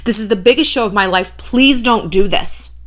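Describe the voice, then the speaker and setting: A woman imitating a stressed young woman DJ who pleads softly with her boyfriend. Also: medium pitch, normal speed, natural voice. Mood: pleading.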